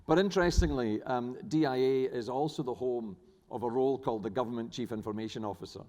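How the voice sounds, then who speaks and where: A middle-aged man with a New Zealand accent speaks from a conference panel, his voice sitting in an ordinary middle pitch. He stumbles and restarts often, padding with fillers, but slips in dry jokes. The sound carries a long reverb from a large hall. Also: fast, dark tone. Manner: hesitant, many fillers and restarts, dry humour. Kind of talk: conference presentation.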